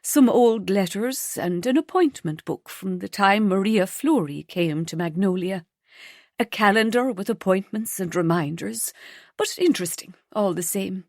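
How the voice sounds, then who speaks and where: A woman narrator voicing an older grandmother who speaks slowly, calmly and reassuringly. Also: mid-range voice, no room sound, studio quality. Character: warm, wise grandmother, Sylvia.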